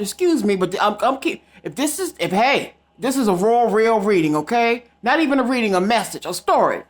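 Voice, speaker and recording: A woman's voice: a little high, very animated, a little fast, few pauses. A woman telling a story straight to her viewers in a casual vlog, emphatic and direct. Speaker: psychic vlogger.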